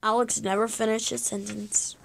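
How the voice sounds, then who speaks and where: Female reader for a children's book, slightly high voice, dramatic and expressive. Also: normal speed, vocal fry, slight background noise. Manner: expressive, dramatic storytelling with sound effects. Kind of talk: reading a children's chapter book aloud.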